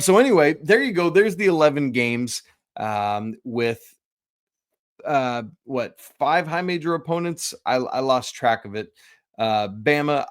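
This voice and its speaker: A man hosting a college basketball podcast in a loose, chatty way, full of quick self-deprecating asides. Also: mid-range voice, dry recording, clean studio sound. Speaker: podcast host. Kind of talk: casual sports talk.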